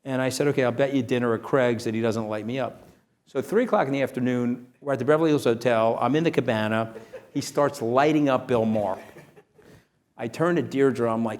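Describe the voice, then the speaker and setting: A man, an interview guest telling animated stories in a punchy way, often tagging his lines with "okay?". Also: mid-range voice, a little fast. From New York. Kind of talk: animated storytelling.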